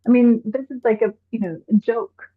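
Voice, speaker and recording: A high-voiced woman from Iran speaks as a guest on a live show, sounding animated and exasperated as she poses one rhetorical question after another. Her voice comes over a thin, phone-like video call line. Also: moderate pace, breathy edge. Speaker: activist guest. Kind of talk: live online discussion. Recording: tinny phone-like call audio.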